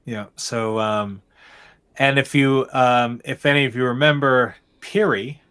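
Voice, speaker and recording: A man running a tabletop game as game master, narrating scenes in a meandering, halting way with frequent restarts. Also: mid-range voice, fairly even intonation, a bit bright, smooth.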